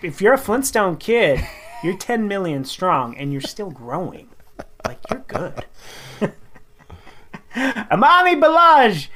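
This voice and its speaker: A woman's voice: mid-range voice, sing-song, takes it slowly, pauses often, a bit bright. A woman co-hosting a radio show, reading listener tweets aloud in a giggly way and acting out the quoted lines.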